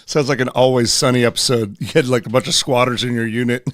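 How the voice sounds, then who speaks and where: A firefighter telling stories in casual podcast chat, acting out the quotes. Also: male voice, medium pitch, fast, no echo. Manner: animated storyteller, acts out quotes.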